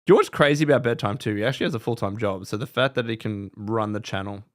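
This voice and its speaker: A man's voice: lowish voice, fast. A man hosting a casual podcast livestream, chatting animatedly and laughing often. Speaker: podcast host. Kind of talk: casual live-stream chat.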